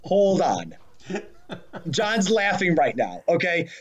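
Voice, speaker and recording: A man's voice: sits high, very animated, slow, dull audio, crowd noise. A man co-hosting a casual chat about his favorite movies, gushing and self-deprecating, often laughing at himself. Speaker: podcast co-host.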